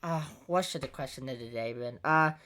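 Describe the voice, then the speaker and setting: A woman's voice: very deep voice, fairly quick, fairly bright tone. A woman hosting a casual podcast, talking in an exasperated rant and swearing freely. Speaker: podcast host.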